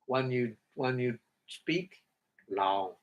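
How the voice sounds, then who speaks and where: A man giving a Dhamma talk in halting English, breaking Pali words into syllables, often chuckling and asking if listeners follow. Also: medium pitch, animated, muffled recording. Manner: halting non-native English, chuckles often, checks understanding. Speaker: meditation teacher.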